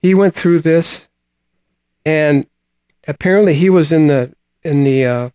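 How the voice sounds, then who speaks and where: A man preaching with a slightly high voice, reading scripture and telling a testimony. He speaks very slowly and haltingly, often repeating words, and his phrases trail off quietly. The recording is dry and close, with no room sound. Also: clean tone, no room sound.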